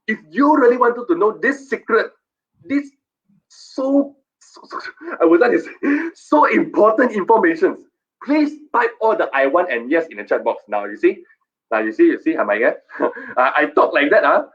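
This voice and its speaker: A man hosting a live stream, coaxing viewers in a repetitive, playfully scolding sales-pitch manner. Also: very animated, normal speed, a bit bright, lo-fi sound.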